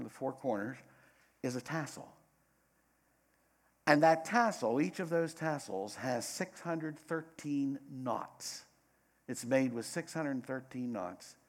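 A middle-aged man preaching a sermon, dramatic, swinging between loud bursts and hushed asides. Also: medium pitch.

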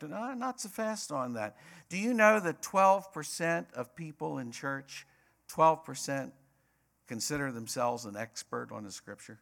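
A man's voice: on the high side, lively intonation, unhurried, vocal fry, fairly bright tone. A man preaching a sermon as pastor, emphatic and repetitive, rising to passionate peaks.

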